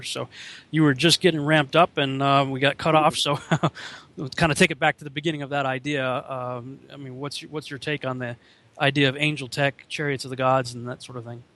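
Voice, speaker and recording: A man's voice: medium pitch, sharp tone. A man hosting a radio talk show and interviewing a guest in a casual way, his voice jumping up when he quotes others.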